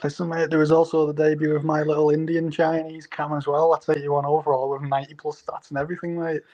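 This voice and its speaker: A man's voice: a little high, little pitch movement, fast, darkish tone, highs cut off. A man, teasing his friends in casual stream banter. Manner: cheeky, teasing, ends lines with "mate". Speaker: co-host.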